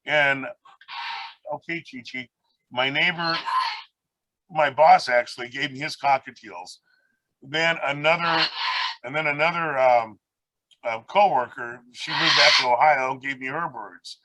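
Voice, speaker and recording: A man tells a winding story on a video call, now and then acting out the people he met along the way. His voice is bright and forward. The sound is dry, with no room around it. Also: mid-range voice, measured pace, long pauses, no room sound, rough recording. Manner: rambling, anecdotal, acts out quoted people. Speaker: guest speaker, parrot rescue founder.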